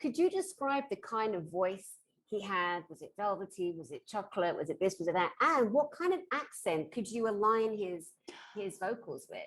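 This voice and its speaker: A woman's voice: medium pitch, animated, moderate pace. A woman interviewing a guest, asking long, chatty questions.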